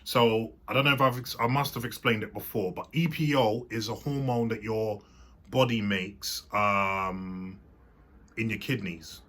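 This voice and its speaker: A man's voice: fairly low pitch, steady tone, a little slow, fairly bright tone. A man hosting his own channel, explaining a topic in a casual, meandering monologue full of fillers and restarts. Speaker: host.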